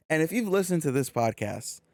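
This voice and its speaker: A man's voice: fairly high pitch, a little slow, gravelly, dry recording. A young man from California co-hosting a podcast, telling a long story in casual chat with lots of swearing and quoted exchanges. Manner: swearing, animated storytelling with quoted back-and-forth. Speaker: podcast co-host.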